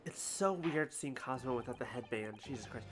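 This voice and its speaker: A woman's voice: extremely low pitch, lively intonation, a little fast. A woman streamer chatting casually and profanely while playing a game, rambling and self-mocking. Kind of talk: casual livestream commentary.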